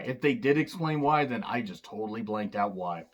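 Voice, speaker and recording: A man's voice: medium pitch, normal speed, muffled recording. A man giving a casual, rambling spoken film review, full of sarcastic wisecracks and loose asides. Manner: loose and rambling, with fillers and restarts. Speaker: movie reviewer.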